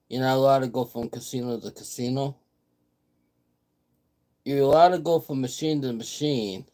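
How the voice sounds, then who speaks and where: A man talks to his vlog audience in a loose, rambling way. He repeats words and restarts his sentences as he goes. His voice sits at an ordinary middle pitch. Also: dark tone. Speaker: vlogger host. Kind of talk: casual vlog chat.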